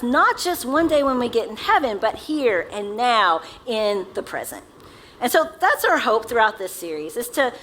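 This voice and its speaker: A woman's voice: high-pitched, a bit bright, a little hiss or hum, low-quality recording. A woman pastor delivering a casual, conversational sermon, often laughing at herself as she talks to the congregation. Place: church sanctuary.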